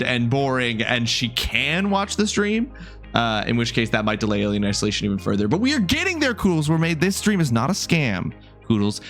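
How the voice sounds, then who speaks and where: A man's voice: medium pitch, fairly bright tone. Chatty, joking male game streamer. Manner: chatty and joking, greets viewers by name, wanders off mid-sentence. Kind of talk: casual live-stream chat with viewers.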